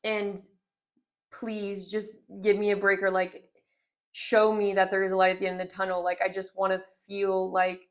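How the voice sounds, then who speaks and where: A woman's voice: medium pitch, level tone, moderate pace. A woman in her twenties doing a casual tarot reading, talking in a rambling, heartfelt way full of filler words. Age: 20s. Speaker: tarot reader.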